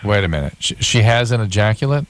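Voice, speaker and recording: A man in his forties co-hosting a call-in radio show as its doctor, with wry, quick banter. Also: lowish voice, animated. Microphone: studio radio microphone.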